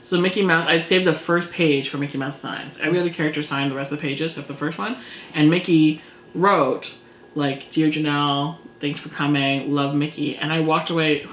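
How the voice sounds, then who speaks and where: A woman hosting a casual chat, telling a story in an animated, giggly way. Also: sits low, fairly quick, a little hiss or hum. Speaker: channel host. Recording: echoey room.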